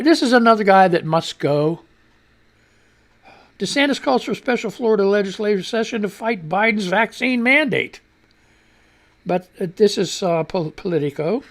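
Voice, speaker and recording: A man hosting a radio show, reading news headlines aloud and then ranting about them with profanity. He often coughs and clears his throat, and his voice climbs higher when he gets worked up. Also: a bit bright.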